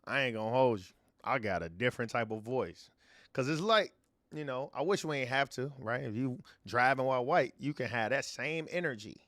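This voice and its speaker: A man from Chicago co-hosting a podcast, telling stories in a relaxed, slangy way. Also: mid-range voice, brisk, dry recording, studio quality. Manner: relaxed, slangy, acts out quotes. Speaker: podcast co-host. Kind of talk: casual storytelling.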